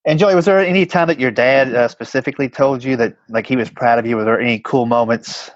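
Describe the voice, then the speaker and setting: A man's voice: mid-range voice, quick pace, no echo. Male podcast interviewer, encouraging, rambling questions, dull dry sound. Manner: supportive, asks long rambling questions. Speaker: podcast host. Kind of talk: interviewing a guest.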